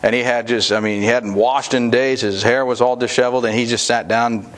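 A man delivering a sermon to his congregation, talking through his points in a plain, conversational way. He speaks at a middle pitch and stops now and then to restart a phrase or add an aside. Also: steady tone, fairly quick. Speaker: pastor.

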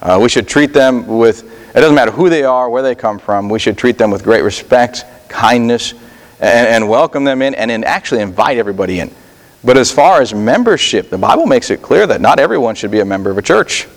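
A male pastor preaching a sermon in a conversational style, often pausing on fillers and restarting his sentences. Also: mid-range voice, expressive, big-room sound. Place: church sanctuary.

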